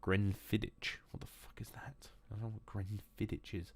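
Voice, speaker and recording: Male streamer, deep and dry, loose and sweary, drinking on stream. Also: steady tone, brisk, dark tone, breathy edge, no room sound, in a whisper. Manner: rambling, swearing, self-mocking. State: drinking whiskey. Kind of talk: casual live-stream chat.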